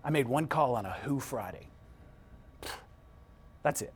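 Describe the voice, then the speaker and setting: This middle-aged motivational speaker has a mid-range voice and a measured pace. He tells a story with energy, performing the characters' voices and shifting from hushed to shouting.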